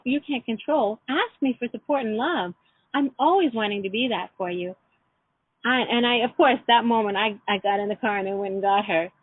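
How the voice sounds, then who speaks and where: A middle-aged woman leading an online class, telling personal stories in a gentle, reflective way. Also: fairly high pitch, breathy edge, no echo. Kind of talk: teleclass lesson with personal stories. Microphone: phone or computer call. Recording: tinny phone line.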